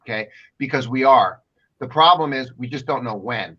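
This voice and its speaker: Guy ranting on a talk show, bright tense voice, kinda dull lo-fi audio, keeps repeating himself. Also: medium pitch, moderate pace. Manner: emphatic, rambling, repeats himself. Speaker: co-host. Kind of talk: casual commentary talk show.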